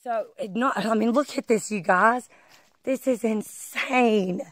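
A woman's voice: fairly high pitch, slow, fairly bright tone, no room sound. A woman vlogging outdoors on a wooded trail, filming on her phone as she walks and eagerly urging viewers to look. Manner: breathless exclamations, keeps urging viewers to look. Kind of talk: excited walking vlog. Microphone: phone held while walking.

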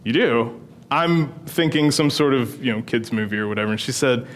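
A man's voice: mid-range voice, moderate pace, slight background noise. A middle-aged male pastor preaching a sermon in a church, telling a story in a conversational, humorous way. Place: church sanctuary.

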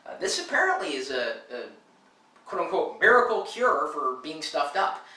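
A man's voice: fairly high pitch, wildly swooping pitch, normal speed, recorded from a distance. A man with a stuffed-up, nasal voice chatting casually for a home video, rambling with lots of fillers. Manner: rambling with many filler uhs. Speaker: vlogger. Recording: bright echoey room, a bit off-mic.

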